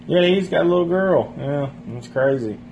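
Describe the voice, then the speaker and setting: A man's voice: on the high side, moderate pace, gravelly, a little mellow, lo-fi sound, slight background noise. A man casually telling a rambling, profane story among friends. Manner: rambling, profane, laughs while telling stories.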